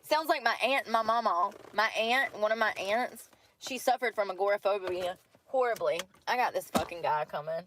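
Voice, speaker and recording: A woman's voice: mid-range voice, moderate pace, a bit bright. A talkative woman telling stories in a loose, rambling way, laughing and cursing as she goes. Her voice sits in a middle register with a faint hiss of noise behind it. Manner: chatty, laughs often, swears freely. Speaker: vlogger. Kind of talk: casual chat.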